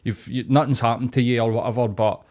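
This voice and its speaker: A man's voice: mid-range voice, fairly even intonation, fast, darkish tone. A man co-hosting a podcast, chatting in a sweary, reassuring way. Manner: sweary, reassuring, backchannels a lot. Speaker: podcast co-host. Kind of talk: casual chat.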